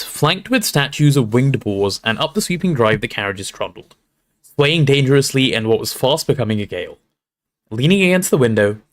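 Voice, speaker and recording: Man reading a storybook aloud, expressive. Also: mid-range voice. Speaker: streamer reading aloud to chat.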